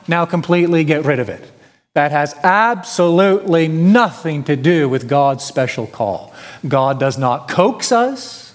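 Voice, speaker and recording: A male pastor preaching a sermon, emphatic, with rhetorical questions and repetition. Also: on the high side. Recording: long hall reverb.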